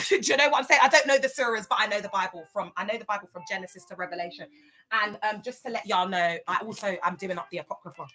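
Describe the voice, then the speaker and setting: A woman talks to her live-stream viewers in a bright, forward voice. She is outspoken and emphatic, full of street slang and quick endearments like babe and my love. Her talk is loose and chatty, and she reads the comments as they come in. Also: mid-range voice. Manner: lively, slangy, talks straight to the chat with endearments.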